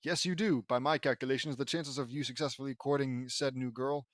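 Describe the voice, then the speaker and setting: A man's voice: mid-range voice, steady tone, brisk, no room sound, studio quality, lightly acted. A man reading a fan fiction audiobook, voicing a brainy, bossy girl who talks in precise, matter-of-fact terms. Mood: know-it-all.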